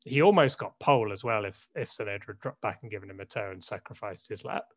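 A man's voice: on the low side, quick pace, dry recording. Hesitant man co-hosting. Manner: hesitant, changes his mind, laughs easily. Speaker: podcast co-host. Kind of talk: casual chat.

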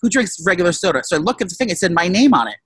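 Fast, profane, rambling storyteller. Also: male voice, sits high, big pitch swings, breathy edge, dry recording. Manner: rambling, profane, with many restarts and shouted quotes. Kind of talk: casual chat.

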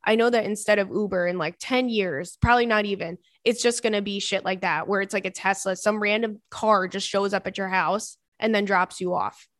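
A woman's voice: medium pitch, fairly even intonation, fairly quick, hardly any pauses, fairly bright tone, no echo, studio quality. A woman in her thirties hosting a podcast, chatting casually and reading listener emails, with rambling asides and plenty of swearing. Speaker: podcast host.

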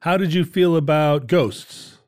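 A man's voice: fairly high pitch, unhurried, a little mellow. A man co-hosting a casual comedic chat, a rambling storyteller who laughs often. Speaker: podcast co-host.

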